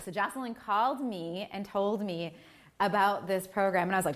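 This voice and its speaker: A woman delivers a keynote at a live event in a cafe. She tells personal stories in an animated way and leaps into higher pitches to act out her family. Her delivery is expressive and conversational. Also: normal speed, noisy background. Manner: animated, acts out family voices with big pitch jumps. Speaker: keynote speaker. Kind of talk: lively storytelling speech.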